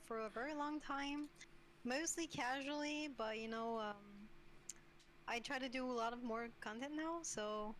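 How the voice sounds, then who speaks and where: High-voiced giggly female streamer. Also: fairly bright tone, a little hiss or hum. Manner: giggly, hesitant, many fillers. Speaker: game streamer. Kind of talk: casual gaming chat.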